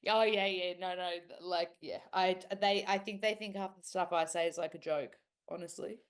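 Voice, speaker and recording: A woman's voice: on the low side, fairly even intonation, normal speed, smooth. An Australian woman chatting as a podcast guest, telling stories with playful impressions. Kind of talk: casual interview chat.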